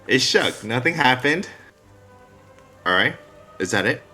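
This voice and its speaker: A man's voice: mid-range voice, animated, a little slow, over music. A man playing a tabletop game, hesitant and swearing, often stopping to correct himself. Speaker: player.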